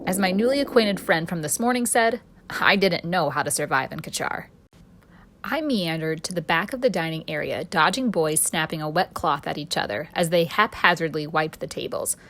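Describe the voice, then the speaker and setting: A woman author narrating her own story in first person, expressive and storytelling in tone. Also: on the low side, a little fast, few pauses. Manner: expressive storyteller, voicing a cheeky street boy.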